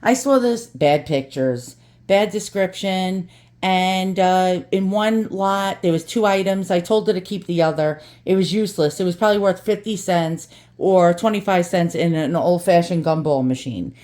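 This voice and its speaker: A woman's voice: fairly low pitch, normal speed, a little mellow. Woman, New York accent, antique unboxing vlog, ranting, swears, flips to cheerful, recorded at home. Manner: ranting, swings from angry cursing to cheerful. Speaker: antique channel host. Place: home with dogs.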